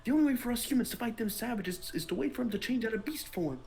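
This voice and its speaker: A woman's voice: on the high side, huge pitch swings, fairly quick. A woman voicing a nosy, sly male gossip with a put-on, wavering Cockney-style accent, reading game dialogue. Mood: conspiratorial.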